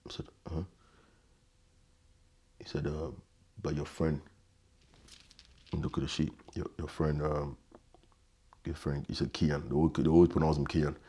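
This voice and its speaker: A man, telling a painful personal story as an interview guest, halting and repeating words, often quiet and subdued. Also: rumbling low, flat delivery, breathy edge.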